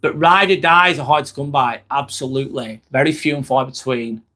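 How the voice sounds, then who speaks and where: A man's voice: mid-range voice, moderate pace, sharp tone. A man, hosting a casual live stream, talking bluntly and candidly while answering chat comments. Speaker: livestream host.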